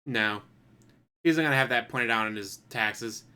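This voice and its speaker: A man's voice: mid-range voice, normal speed, sharp tone, smooth. A man hosting a commentary channel, adding sarcastic, mocking remarks over clips.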